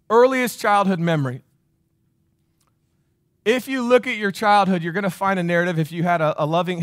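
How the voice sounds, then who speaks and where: A man's voice: high voice, a bit bright, dry recording, clean studio sound. A man in his forties preaching a sermon, stressing his points with repeated phrases and questions to the congregation. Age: 40s. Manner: emphatic, repeats phrases, asks the crowd questions. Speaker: pastor.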